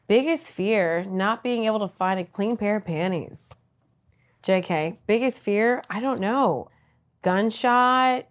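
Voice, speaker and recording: A female comedian with a medium-pitched voice fires back brash, crude, self-deprecating punchlines to rapid-fire interview questions.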